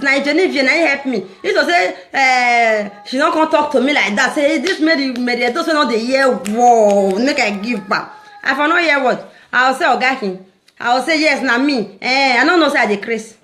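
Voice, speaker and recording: Animated Nigerian woman vlogging. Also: sits high, slight background noise. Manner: animated, preachy, laughs while talking. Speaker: social media vlogger. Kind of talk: casual vlog monologue to followers.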